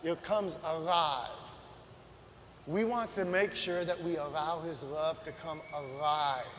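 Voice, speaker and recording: A man preaching a sermon as a guest preacher, passionate and swinging from soft, slow lines to loud, shouted ones. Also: on the high side, slight background noise. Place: large church sanctuary. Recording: echoey church hall.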